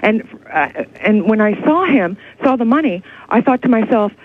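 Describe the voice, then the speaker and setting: A woman's voice: a little high, expressive, normal speed, breathy edge, no echo. A woman calling in to a radio show, telling her story in a breathless, rambling way over the phone. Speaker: caller. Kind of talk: call-in radio chat. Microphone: telephone. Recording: tinny phone line.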